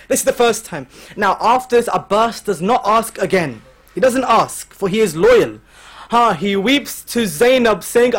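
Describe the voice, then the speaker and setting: High-voiced man preaching with rising passion. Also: animated, a little slow, breathy edge. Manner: dramatic storytelling, voicing quoted figures, swelling from hushed to impassioned. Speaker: speaker at a Muharram majlis. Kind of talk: emotional sermon narration. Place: gathering hall.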